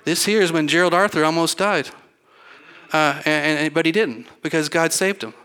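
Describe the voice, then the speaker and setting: A man's voice: fairly high pitch, moderate pace, bright, forceful tone, clear, resonant tone. A middle-aged man, a pastor, preaching in a church in a rambling, folksy storytelling way, acting out the people he quotes. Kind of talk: storytelling sermon. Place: church sanctuary.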